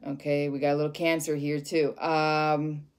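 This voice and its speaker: A woman with a somewhat low voice talks her way through a casual tarot reading. She rambles, circles back on herself and swears freely as she reacts to the cards. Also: little pitch movement, normal speed, a little mellow. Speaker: tarot reader.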